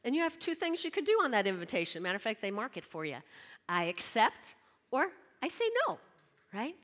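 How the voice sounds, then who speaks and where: A woman's voice: a little high, very animated, fairly quick, a bit bright, big-room sound. A woman preaching a sermon in a church, talking conversationally and calling on the congregation to answer back. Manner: conversational, calls on the audience to respond.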